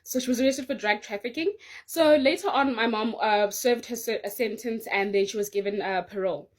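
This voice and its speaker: A woman making a formal, halting application pitch that is full of fillers. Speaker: prankster daughter, applicant.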